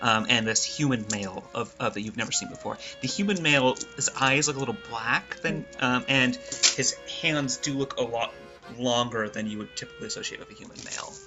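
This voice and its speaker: A man's voice: medium pitch, a little fast, pushed and bright, muffled recording, soft background music. A man narrating as the game master of a tabletop game, in a casual, teasing way with many fillers.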